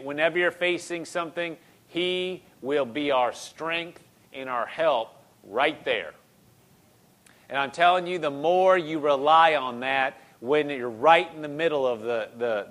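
A man's voice: mid-range voice, a bit bright. A man preaching a conversational sermon, repeating phrases and rising into emphatic bursts.

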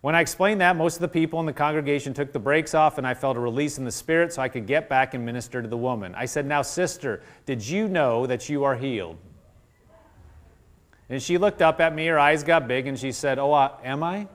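A man's voice: medium pitch, a little fast, a bit bright. A man preaching to a congregation, reading passages aloud from a book and breaking off to comment on them.

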